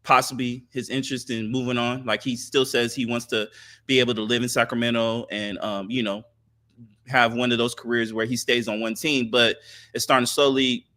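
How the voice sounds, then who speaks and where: A man co-hosting a podcast, giving thoughtful casual sports talk with many filler pauses. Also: medium pitch, little pitch movement, sharp tone. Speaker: podcast co-host.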